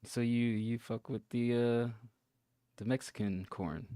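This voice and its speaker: A man's voice: mid-range voice, fairly even intonation, a little slow, warm tone, smooth, dry recording, clean studio sound. A man co-hosting a casual podcast chat, asking wry, teasing questions. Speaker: podcast co-host.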